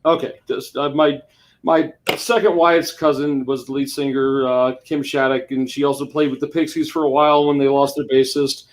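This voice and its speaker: A man's voice: mid-range voice, level tone, normal speed. A man in a casual video chat, eager and rambling, often restarting his sentences. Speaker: guest.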